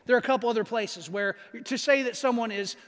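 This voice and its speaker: A man pastor giving a conversational sermon, stressing key phrases by slowing down and checking in with his listeners. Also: very high-pitched, a bit bright. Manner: conversational, asks the audience questions. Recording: long reverb of a large hall.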